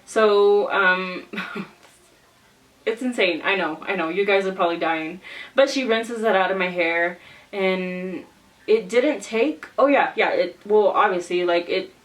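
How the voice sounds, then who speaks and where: Animated young woman telling a story. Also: mid-range voice, slow pace, far from the mic, poor audio. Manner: animated, exclaiming, acts out quotes. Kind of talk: casual storytime vlog.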